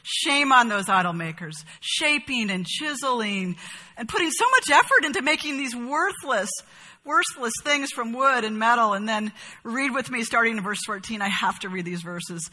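A woman leads a Bible study, reading verses aloud and explaining them with expressive emphasis. Her voice is bright and a little husky. A long hall reverb trails behind her words. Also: fairly high pitch, normal speed.

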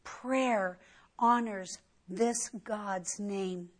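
Slow, earnest woman preaching a sermon. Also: mid-range voice. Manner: earnest and emphatic, often rising sharply for stress. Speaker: Bible teacher.

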